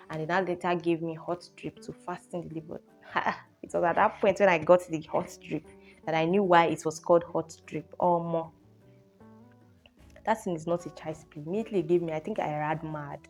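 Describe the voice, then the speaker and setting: Young nigerian woman, storytime vlogger, lowish voice, animated telling, faint guitar music behind. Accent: Nigerian English. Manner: animated storyteller, exclamations like oh and hey. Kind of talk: storytime vlog.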